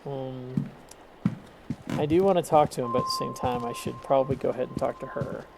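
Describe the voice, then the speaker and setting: A man's voice: medium pitch, steady tone, brisk, gravelly, very noisy. A man streaming a mystery game live, thinking aloud and reading its text. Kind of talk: casual live game commentary.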